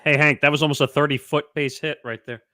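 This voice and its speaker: A man in casual sports chat during a baseball watch-along, playful and quick with a wisecrack. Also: a little high, steady tone, pushed and bright, dry recording, studio quality. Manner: playful, laughs easily, wisecracking.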